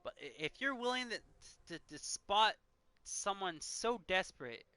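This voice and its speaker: A man's voice: high-pitched, animated, unhurried, sharp tone, no echo. A man in his thirties, a game streamer talking earnestly and emotionally, choked up and sighing often. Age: 30s. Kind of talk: casual chat while gaming.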